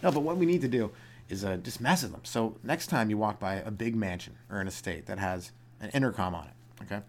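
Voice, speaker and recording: A young man riffs alone on his comedy podcast, drifting from one bit to the next. His voice sits slightly low. He rambles casually and slips into quick impressions. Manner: rambling, jokey, acts out little voices. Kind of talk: solo comedic riffing.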